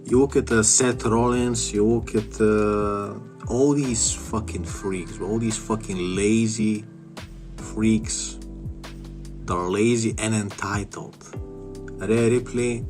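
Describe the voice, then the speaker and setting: A man ranting in a commentary vlog in a slow, drawn-out way with a lowish voice. He swears and circles back over his words. Faint music sits behind him. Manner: crude, profane, repetitive ranting. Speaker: wrestling vlogger.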